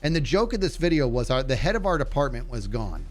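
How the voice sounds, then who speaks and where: Over faint music, an adult streamer with a nasal voice at medium pitch talks fast and very animatedly. He's chatty and casual on his gaming livestream, reading messages from chat and answering them as he plays.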